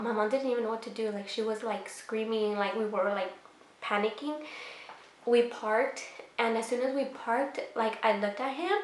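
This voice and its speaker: A woman's voice: a little high, reverberant. A young woman vlogger telling a personal story in a casual, rambling way, full of fillers. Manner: rambling, many fillers, emotional retelling.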